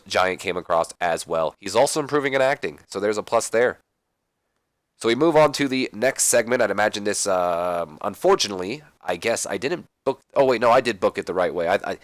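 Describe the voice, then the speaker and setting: A man's voice: on the low side, no room sound, studio quality. A man narrating a let's play in casual game commentary, rambling along with lots of fillers.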